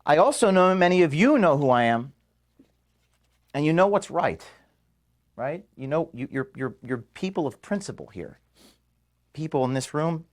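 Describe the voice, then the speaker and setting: Emotional man giving a halting farewell. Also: on the high side, big pitch swings. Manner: halting, emotional, pauses and restarts. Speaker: organization founder addressing staff. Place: office, indoors.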